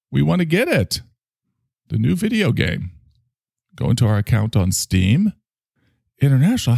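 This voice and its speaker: Gravelly, sardonic male podcast host. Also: mid-range voice, a little mellow, no room sound, studio quality. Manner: sardonic, self-mocking, sighing. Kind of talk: rambling solo podcast monologue.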